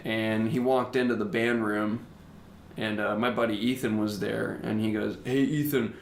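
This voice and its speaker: A young man co-hosting a podcast, telling high school stories in a casual, animated way and mimicking people in high voices. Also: moderate pace. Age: young adult. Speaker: podcast co-host. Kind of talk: casual storytelling chat. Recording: roomy echo.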